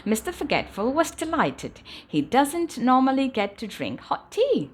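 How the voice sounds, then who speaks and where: A woman reading a children's bedtime story aloud, animated and dropping softly at the ends of sentences. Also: high voice, a little slow. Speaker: storybook reader.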